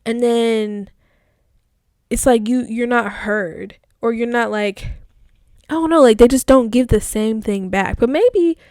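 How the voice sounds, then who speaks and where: A woman's voice: fairly high pitch, a little slow, darkish tone, no echo, clean studio sound. A young woman hosting a casual solo podcast, reflecting aloud as she reads her old online posts, talking in a chatty, reflective way full of fillers. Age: young adult. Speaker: podcast host.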